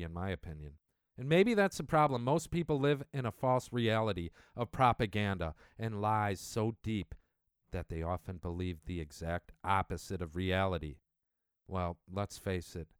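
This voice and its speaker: A man hosting his own podcast, delivering an angry political rant that swings between shouted outbursts and low, muttered asides. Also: smooth, no room sound, studio quality. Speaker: podcast host.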